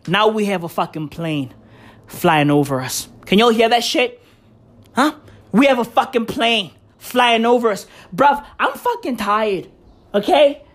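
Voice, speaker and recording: A woman's voice: a little high, animated, unhurried. A woman hosting a solo podcast, ranting in a profane, exasperated way full of slang. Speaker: podcast host. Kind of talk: casual solo podcast rant.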